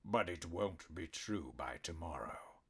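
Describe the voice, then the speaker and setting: A man voicing a huge, menacing male black cat warlord in an audiobook, speaking slowly in a deep, quiet near-whisper that drops to a growl. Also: lively intonation, slightly rough, heavily acted. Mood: quietly menacing. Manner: slow, soft-spoken threats, growling.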